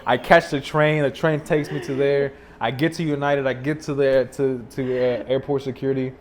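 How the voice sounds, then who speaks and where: Young guy, mid-pitch, easygoing and animated storyteller, for a casual podcast anecdote. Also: normal speed, a little hiss or hum. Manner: animated, laid-back storyteller with many fillers.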